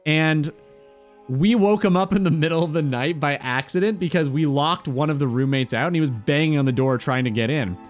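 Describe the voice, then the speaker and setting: A male streamer chats loosely while he plays, rambling from story to story and cursing without a second thought. His voice sits slightly higher than most men's. Soft game music hums in the background. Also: brisk. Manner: relaxed, rambling, swears casually. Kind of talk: casual gaming stream chat.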